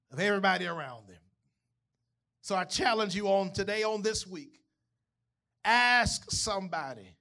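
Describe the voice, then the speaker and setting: Bright, high-voiced pastor preaching. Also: male voice, lively intonation, measured pace, long pauses. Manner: conversational, asks the congregation questions. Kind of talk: sermon. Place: church.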